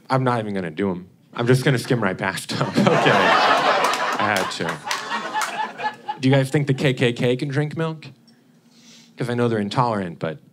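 Male comic, young, mid pitch, chatty stage delivery, noisy live club recording. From Indianapolis, Indiana. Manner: chatty, keeps tagging lines with "okay?". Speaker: stand-up comedian. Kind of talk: stand-up comedy set. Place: comedy club stage with a laughing audience.

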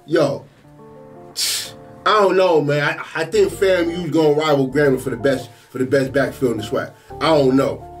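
A man hosting a sports reaction video, exclaiming over football highlights in an excitable, slangy way.

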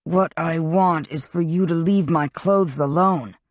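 A wary young man from the streets, blunt and defiant, dropping rough slang, as an audiobook reader puts him on. He speaks at a slow pace. The sound is dry and close. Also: medium pitch, animated, dry recording. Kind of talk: audiobook character reading.

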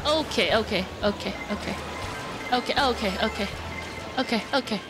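A young woman streaming live, chatting excitedly and laughing as she plays a kart racing game. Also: a little high, normal speed. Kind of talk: live gameplay commentary. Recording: game music loud behind voice.

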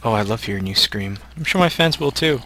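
Gravelly low-voiced man chatting through gameplay. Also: animated, fairly quick, bright, forceful tone, slight background noise. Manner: teasing and joking, thinking aloud while playing. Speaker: host playing a co-op survival game. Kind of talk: casual gameplay chat.

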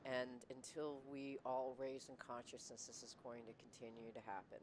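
A woman's voice: rumbling low, level tone, moderate pace, noisy background. A woman hosting a casual conversation, reflective and rambling, often laughing and restarting her sentences. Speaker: podcast host.

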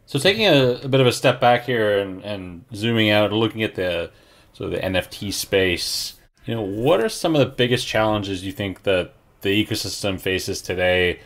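Lower-voiced man posing reflective questions. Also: expressive, moderate pace, fairly bright tone. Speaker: podcast co-host. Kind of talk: casual interview questions.

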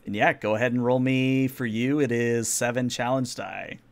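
A man narrating and explaining rules as game master of a tabletop role-playing game, relaxed with frequent fillers. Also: medium pitch, normal speed, clean tone.

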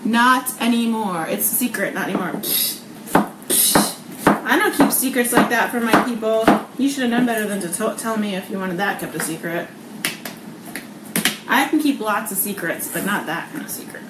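In a casual live cooking vlog from her own kitchen, a thirtysomething woman chatters in a bubbly way, laughs often and peppers her speech with um and like. She has a mid-range voice and speaks a little fast; the room is echoey and background noise is clearly audible.

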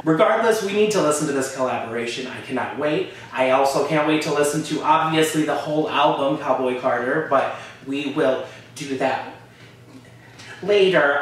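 A man reacting excitedly to music for his vlog, gushing over what he hears. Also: mid-range voice, recorded from a distance. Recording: echoey room from off mic.

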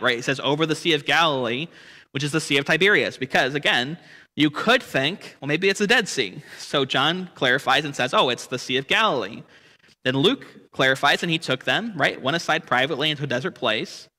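A man's voice: on the high side, pushed and bright, big-room sound. A man leading a church Bible study lesson, explaining the text and asking rhetorical questions with frequent "right?". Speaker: Bible teacher.

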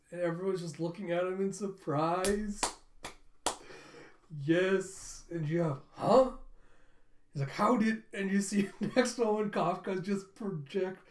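A man excitedly recapping and reacting to a comic chapter in a rambling, casual way. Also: high-pitched. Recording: roomy echo.

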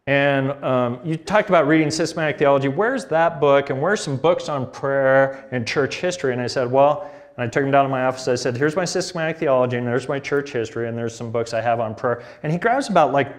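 A middle-aged man preaching a sermon, telling a family story with laughter and acted-out dialogue. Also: medium pitch. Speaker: pastor.

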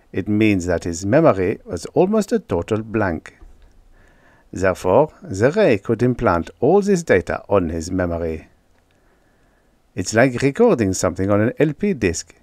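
A man plays an excited German physicist who explains everything eagerly, his heavy German accent running through every line. The voice swings widely in pitch and is recorded dry and close. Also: no echo. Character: excitable middle-aged male German physicist.

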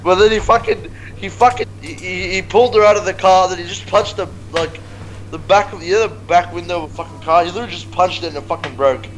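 A young man with a voice pitched a bit above most men's. He chats crudely with friends, swears almost every sentence and stumbles over repeated words. He sounds like he is talking into a headset on a voice call. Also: fast talker, slight background noise, rough recording. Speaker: co-host. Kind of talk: crude casual chat among friends.

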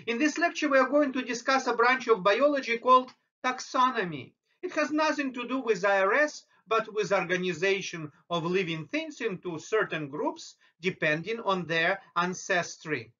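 High, bright-voiced male biology lecturer. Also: lively intonation, lo-fi sound. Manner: explanatory, slow and deliberate on terms. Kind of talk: recorded lecture over slides.

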